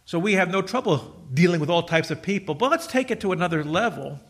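A man's voice: high voice, expressive, quick pace. A middle-aged male pastor preaching a sermon in a conversational, joking storytelling way, acting out quoted voices.

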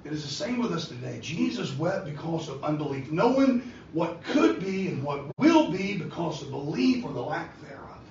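Preacher, man, high and lively delivery, impassioned; distant mic in a roomy church, lo-fi. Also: normal speed, creaky, hardly any pauses, slight background noise. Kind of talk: sermon. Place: church sanctuary. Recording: echoey church hall from far off, dull and lo-fi.

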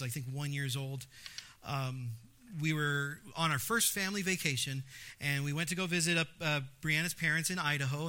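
Man, pastor, sermon, bright edgy tone, slightly high voice, emphatic repeats. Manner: animated storytelling with acted-out exclamations; emphatic, repeats phrases for stress.

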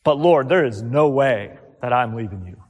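A man's voice: mid-range voice, animated, normal speed, husky, big-room sound, highs cut off, pitched below the performer's own voice. A man preaching, quoting a boastful, stubborn male disciple in an insistent, emphatic voice.

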